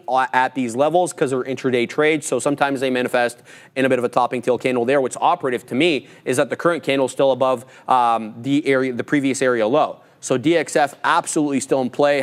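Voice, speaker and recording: A man's voice: mid-range voice, fairly even intonation, fast. A man co-hosting a live trading stream, mixing loose, joking banter with chart commentary. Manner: loose, joking, thinks aloud. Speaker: trading show co-host.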